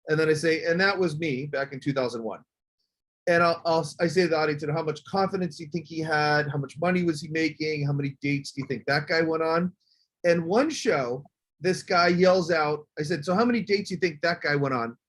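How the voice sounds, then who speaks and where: A man's voice: high-pitched, husky. A man coaching speakers on a group call, telling stories in a casual way and acting out what people say. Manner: animated storytelling, acts out quotes.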